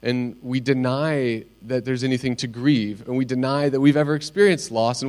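A middle-aged man preaching a sermon, speaking earnestly and telling personal stories with pauses. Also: medium pitch, fairly even intonation, darkish tone. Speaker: pastor.

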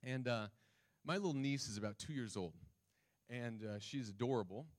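A man's voice: mid-range voice, normal speed. Conversational male preacher. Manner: conversational, asks the congregation questions. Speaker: pastor. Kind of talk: sermon with scripture reading.

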